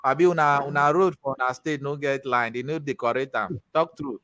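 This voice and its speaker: A man from Nigeria with a Nigerian accent, teaching a tech class in a chatty, animated way with pidgin asides. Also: mid-range voice, a little fast, dry recording. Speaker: tech instructor. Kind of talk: casual class talk with storytelling.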